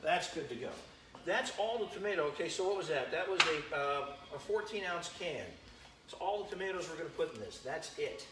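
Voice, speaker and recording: A man's voice: a little high, animated, a little fast, roomy sound, very noisy. A man hosting a live-streamed home cooking demo, chatting with viewers by name as he cooks in his kitchen. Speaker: home cooking show host.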